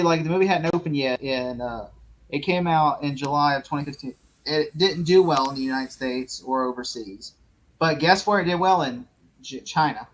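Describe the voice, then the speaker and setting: A man hosting a casual movie interview, telling stories animatedly and mimicking people as he laughs. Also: medium pitch. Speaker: interview host. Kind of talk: casual chat about movies.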